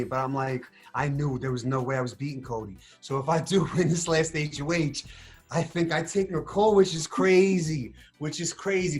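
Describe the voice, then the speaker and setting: A man in a casual interview, telling his story with animated energy, acting out what he said and thought. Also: a little high. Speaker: reality show contestant interviewed.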